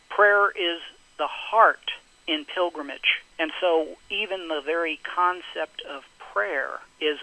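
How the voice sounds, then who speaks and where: Middle-aged male pastor, radio guest, earnest and measured, bright, slightly high voice. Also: poor audio. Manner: earnest, measured, preacherly emphasis. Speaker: pastor and spiritual director.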